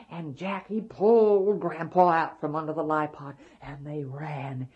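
A woman tells a folk tale in a dramatic, folksy manner, sometimes dropping to a whisper. Her voice is husky and lowish. She takes it very slowly. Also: fairly even intonation, darkish tone. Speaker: storyteller.

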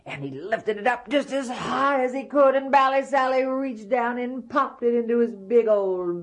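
A woman telling a folktale aloud, animated, with hushed, drawn-out endings. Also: fairly high pitch. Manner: animated, dropping to hushed asides. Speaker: storyteller. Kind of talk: folktale storytelling.

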